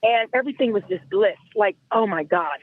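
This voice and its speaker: A woman calling in to a show, telling a long story in an animated, rambling way over the phone. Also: medium pitch, fairly quick, no echo. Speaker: caller. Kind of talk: call-in storytelling. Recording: tinny phone line.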